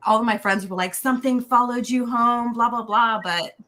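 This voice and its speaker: A woman on a livestream rambling excitedly through a haunting story, full of "like". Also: fairly high pitch, moderate pace. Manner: rambling, filler-heavy, excitable. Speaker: guest on a livestream. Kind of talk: casual storytelling chat.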